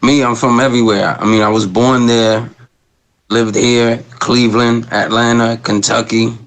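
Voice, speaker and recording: A laid-back middle-aged man talking casually as a podcast guest. He speaks in a relaxed, slangy way full of fillers, and his voice sits at a plain middle pitch. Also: normal speed, rough recording. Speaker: guest rapper.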